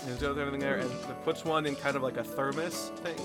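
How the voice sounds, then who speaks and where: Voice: mid-range voice, steady tone, quick pace, loud music behind the voice. A game master narrating scenes in a tabletop role-playing game, with frequent "uh"s. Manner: descriptive, with filler "uh"s.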